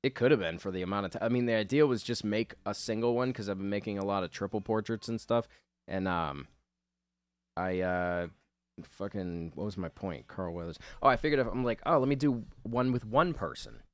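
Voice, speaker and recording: Rambling artist guy, low-pitched, dry close voice-over, self-mocking and loose. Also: a little fast, clear, resonant tone, no echo. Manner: meandering, self-deprecating, swears casually. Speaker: artist, channel host. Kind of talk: rambling commentary over a drawing video.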